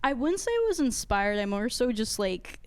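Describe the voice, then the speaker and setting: Young female director guest with a smooth, clear voice. She talks in a bubbly, giggly way, with lots of "like" and "you know". Her tone is casual and chatty. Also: fairly high pitch, sing-song, moderate pace. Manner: giggly, bubbly, filler-heavy. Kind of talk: casual interview chat.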